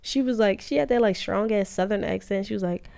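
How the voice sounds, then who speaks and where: A woman's voice: mid-range voice, brisk, creaky, mellow, clean tone. A young woman, casually telling a story to her viewers, cursing often and calling them y'all. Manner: profane, emphatic, addresses viewers as y'all. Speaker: vlogger.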